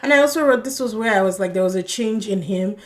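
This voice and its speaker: A young woman giving a casual, animated review of a reality dating show, swearing and laughing when she gets worked up. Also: medium pitch, quick pace.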